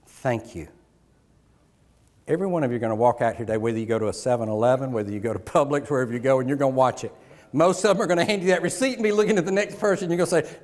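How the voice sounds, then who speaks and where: A middle-aged man giving a motivational keynote, telling stories and acting out dialogue with the audience on stage. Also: medium pitch. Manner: animated, acts out dialogue with audience. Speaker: keynote speaker. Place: large conference hall on stage. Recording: live hall with long reverb.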